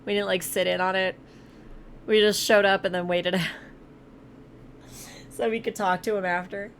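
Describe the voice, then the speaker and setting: A woman's voice: medium pitch, flat delivery, measured pace, a little hiss or hum. Casual woman reading a game aloud. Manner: casual, laughs at herself, asides. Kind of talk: reading a visual novel aloud on stream.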